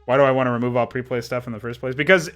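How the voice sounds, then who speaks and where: A man's voice: medium pitch, steady tone, racing, fairly bright tone. A man livestreaming while working on a game mod, talking casually about design and answering chat, with a rambling way of talking full of restarts. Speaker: modding streamer. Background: faint background music.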